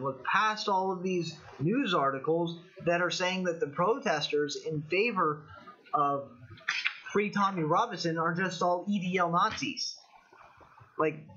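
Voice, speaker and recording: A man's voice: high-pitched, pushed and bright. A young man with a Californian American accent, hosting a casual livestream of political commentary, rambling with opinions and answering chat. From United States. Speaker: livestream host. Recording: dull lo-fi stream audio.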